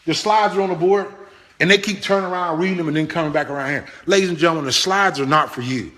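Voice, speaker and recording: A man gives a motivational business talk with a bright, forceful voice. His speech is animated and pleading, and he repeats his points over and over for emphasis. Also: a little high, quick pace, a little hiss or hum. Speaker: business trainer.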